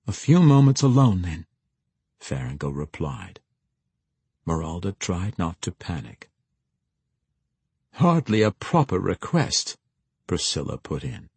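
Husky male audiobook narrator. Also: deep voice, no echo. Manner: expressive, measured storytelling.

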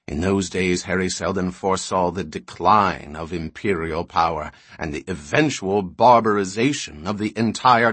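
A grave, patient old scholar lays out his history in calm explanations, as a man reads him in an audiobook. The voice is lowish and the sound close and dry. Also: husky, no echo.

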